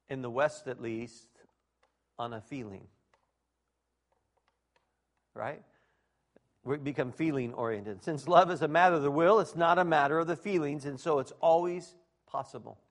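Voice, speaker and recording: A middle-aged man preaching a conversational sermon, acting out quoted dialogue and laughing at his own jokes. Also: on the high side.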